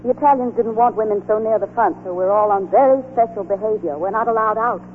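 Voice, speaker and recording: An actress playing a gentle, wry young English volunteer nurse in an old radio play, speaking softly and earnestly. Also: female voice, mid-range voice, quick pace, natural voice. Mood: tender. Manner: soft, earnest, wistful. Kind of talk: 1940s radio acting. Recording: tinny old radio broadcast with hiss.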